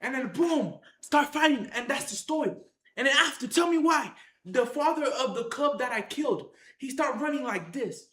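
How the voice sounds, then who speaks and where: A high-voiced storyteller spins a wild adventure for the viewers, full of slang and constant filler. The voice bounces off the walls of an echoey room as they shout out sound effects and repeat lines for emphasis. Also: moderate pace. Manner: excited, acts out the action with sound effects and shouts. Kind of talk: animated tall-tale storytelling to viewers.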